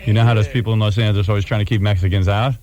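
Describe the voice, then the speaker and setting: A man's voice: fairly low pitch, steady tone, darkish tone. A man hosting a radio show, brash and taking calls while running a game. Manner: brash, fast-talking game runner. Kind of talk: shock radio banter.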